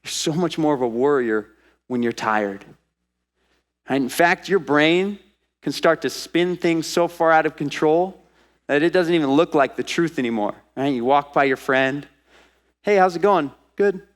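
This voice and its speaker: A man preaching a sermon as pastor to a congregation in church, lively and acting out the voices he quotes. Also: on the high side, normal speed. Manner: animated, acts out quoted voices.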